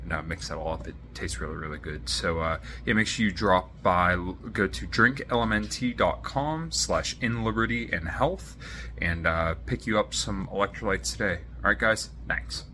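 A man's voice: on the low side, normal speed, pushed and bright, slight background noise. A man reading a sponsor message on a podcast in a loose, casual way with many fillers. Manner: loose, filler-heavy delivery. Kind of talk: casual ad read.

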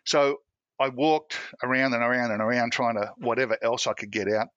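A man's voice: medium pitch, fairly even intonation, brisk, fairly bright tone, dry recording, highs cut off. A middle-aged man, a former police officer, telling rambling anecdotes in a casual interview. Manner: rambling anecdotes, frequent restarts and self-laughter.

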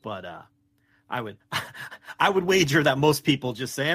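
A man's voice: mid-range voice, very animated, measured pace, a bit bright, slightly rough, no echo. A man co-hosting a wrestling podcast in casual chat, teasing and playful, with emphatic delivery. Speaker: podcast co-host.

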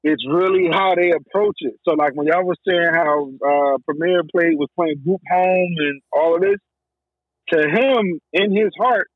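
A man's voice: high-pitched, unhurried, husky, no echo, narrow, tinny audio. A man in a casual group talk, explaining his view at length with many fillers. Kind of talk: casual chat.

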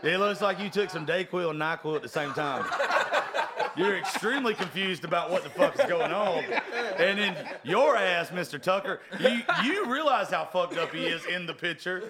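A man's voice: high voice, lively intonation, normal speed, a loud crowd. A man hosting a casual chat, joking, teasing and swearing freely. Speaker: host.

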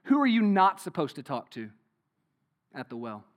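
A man's voice: a little high, sing-song, normal speed, lo-fi sound. A man preaching a sermon in a conversational way, with many rhetorical questions, frequent "right?" tags and "y'all". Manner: says "y'all".

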